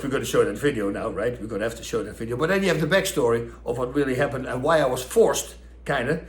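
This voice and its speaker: A middle-aged man with a Dutch accent telling a story casually and animatedly, acting out what people said. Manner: animated, acts out quotes with raised pitch. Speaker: storyteller host. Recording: echoey room.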